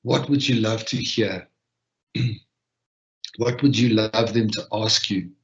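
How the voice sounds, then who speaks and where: A soft-spoken man guides listeners through a reflection and breathing practice, taking his time and leaving long pauses. His voice sits a little low and moves very slowly. The sound is dull and lo-fi, like online session audio. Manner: gentle, unhurried, with long pauses. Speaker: session leader.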